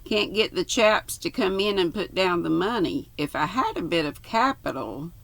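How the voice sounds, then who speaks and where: A woman's voice: fairly low pitch, expressive, moderate pace, gravelly, fairly bright tone, exaggerated voice. An older woman with a Southern US accent voices a restless, brooding ex-pilot who rambles and grumbles. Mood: grumbling. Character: restless middle-aged British ex-pilot, brooding.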